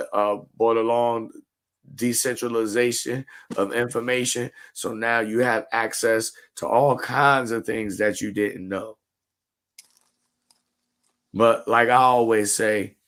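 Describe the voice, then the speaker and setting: A man hosting a podcast, talking in a measured, deliberate way. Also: lowish voice, a bit bright. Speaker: podcast host. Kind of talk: casual podcast discussion.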